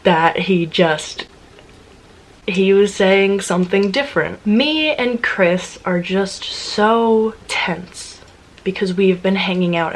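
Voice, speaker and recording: A vlogger in her twenties tells her audience a story in a casual, animated way, swearing freely and laughing often. Her voice is fairly low, and the recording is rough.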